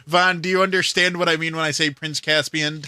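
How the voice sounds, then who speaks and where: A man's voice: on the high side, steady tone, normal speed, pushed and bright, smooth. A man hosting a livestream, telling a rambling story in casual chat with plenty of filler words. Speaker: livestream host.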